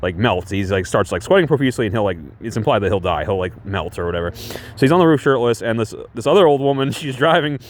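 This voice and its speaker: A man's voice: fairly low pitch, expressive, fast, a little hiss or hum. A man casually talking through a movie he reviews, rambling with lots of fillers and restarts and chuckling often. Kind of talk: casual film review chat.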